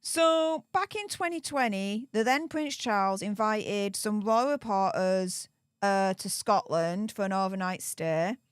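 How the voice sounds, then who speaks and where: A woman's voice: mid-range voice, expressive, unhurried, clean tone, no room sound, clean studio sound. A tired woman from the UK reading a book aloud on a live stream, chatty, with sarcastic asides. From United Kingdom. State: tired after hours of streaming. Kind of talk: casual live-stream commentary.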